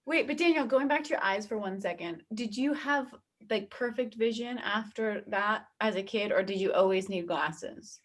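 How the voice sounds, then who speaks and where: A young woman, married into the family, chatting casually and laughing often. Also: mid-range voice. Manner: giggly, chatty, quick to laugh. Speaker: daughter-in-law.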